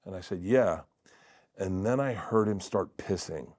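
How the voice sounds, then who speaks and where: A middle-aged man telling a long funny story as a guest on a talk show, acting out the other people's voices and laughing loudly. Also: deep voice, measured pace, dry recording, studio quality. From Florida. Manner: acts out quoted voices, loud bursts of laughter. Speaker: comedian guest.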